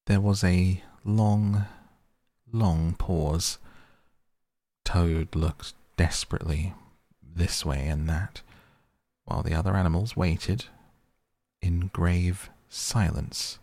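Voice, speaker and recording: A man narrating a classic children's story in an unhurried, measured way. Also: sits low, fairly even intonation, warm tone, no room sound.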